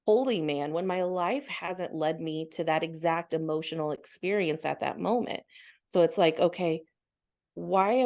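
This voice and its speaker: A woman's voice: on the low side, darkish tone. A woman guest on a podcast, earnestly explaining her healing practice and voicing her own inner thoughts as she goes. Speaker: podcast guest, spiritual healer. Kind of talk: conversational interview.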